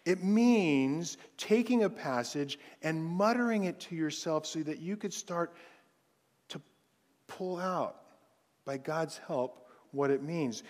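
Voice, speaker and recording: A man, a pastor, preaching a sermon in a conversational way and softening his voice to recite scripture. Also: a little high. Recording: long hall reverb.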